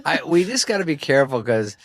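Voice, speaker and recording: An older man co-hosting a podcast, telling comedic stories in a casual, animated way and acting out the people in them. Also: a little high, fast talker, vocal fry, a crowd in the background. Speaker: podcast co-host.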